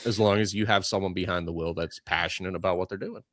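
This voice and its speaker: A man's voice: low voice, steady tone, fast, a bit bright, no echo, clean studio sound. A young man co-hosting a podcast, chatting casually, ranting and going off on tangents. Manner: rambling, ranting, goes off on tangents. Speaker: podcast co-host. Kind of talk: casual chat.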